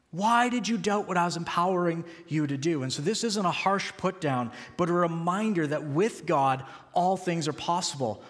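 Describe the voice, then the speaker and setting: A man's voice: sits high, normal speed, few pauses, fairly bright tone, big-room sound. A man preaching a sermon, earnest and building to emphatic peaks. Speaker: pastor.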